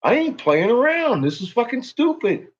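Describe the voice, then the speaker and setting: A man's voice: very high voice, sing-song, normal speed, slightly rough, lo-fi sound. A man ranting angrily on his channel, swearing constantly and making heated threats. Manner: profane, heated, swaggering threats. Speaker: YouTuber. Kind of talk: angry ranting vlog.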